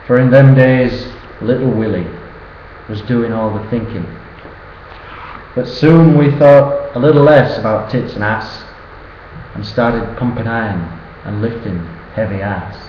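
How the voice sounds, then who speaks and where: A northern English man in his early 20s, medium-pitched and measured, recites a cheeky rhyming birthday poem as a toast to his best friend, in a sing-song delivery. The recording is roomy and dull, with faint ambience and slight background noise.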